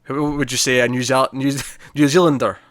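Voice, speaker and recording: Guy cohosting a movie chat, laughs a lot, fixes his own words, mid pitch, dry close sound. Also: little pitch movement, normal speed, fairly bright tone, dry recording. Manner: chatty, laughs often, self-correcting. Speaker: podcast co-host. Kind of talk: casual movie discussion.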